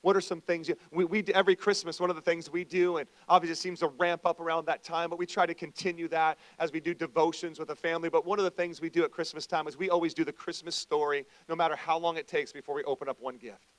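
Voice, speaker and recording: A middle-aged male pastor giving a conversational sermon, moving between quiet asides and loud emphatic stretches. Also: on the high side, level tone, quick pace, hardly any pauses, dry recording.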